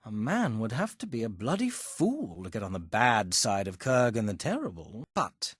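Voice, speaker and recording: Geoffrey, a haughty necromancer fop. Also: male voice, lowish voice, very animated, moderate pace, slightly rough, no echo, clean studio sound. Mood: sly, amused. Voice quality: plummy, theatrical, lots of bursting laughs. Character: haughty foppish male necromancer companion, sneering. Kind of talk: game voice acting. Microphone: close studio mic.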